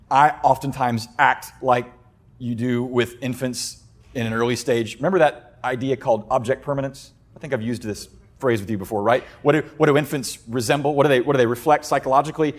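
A pastor preaches an animated sermon, acting out quoted voices in loud, high bursts and dropping to a soft, quiet delivery on key points.

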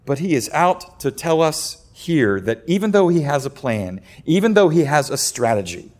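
A man preaching a sermon, animated, acting out quoted voices in loud high bursts and dropping to a soft, quiet delivery on key points. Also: normal speed. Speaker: pastor.

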